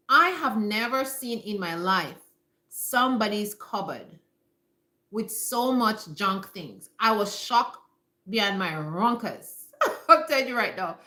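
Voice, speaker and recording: Addressing her viewers directly, this health talk host gives casual live-stream advice from home with a bright, sharp, fairly high voice. She is emphatic and repetitive, driving each point home, and the space echoes.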